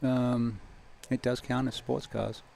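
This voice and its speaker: A man streaming a sim race, chatting casually and quietly to viewers while he drives. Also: medium pitch, little pitch movement, slow, creaky. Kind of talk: casual live-stream chat while driving. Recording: racing-car engine noise behind. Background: engine roar from the racing game.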